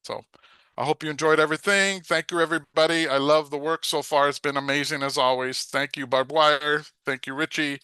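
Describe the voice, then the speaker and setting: A man's voice: a little high, fairly even intonation, brisk, bright, forceful tone, smooth, no echo. An older man, an open mic performer, doing a poetry reading over a video call, hesitant between poems.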